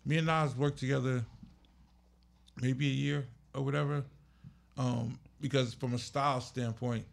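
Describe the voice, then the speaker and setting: A man's voice: medium pitch, fairly even intonation, measured pace, gravelly. A man, a music manager and podcast guest, telling blunt stories in casual chat. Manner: blunt, storytelling with laughs.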